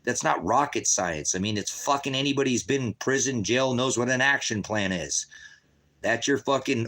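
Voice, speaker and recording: A man, a father and host, ranting angrily with heavy profanity and sudden rises in pitch. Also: fairly bright tone. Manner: profane, heated, rapid shifts in pitch. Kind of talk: angry livestream rant.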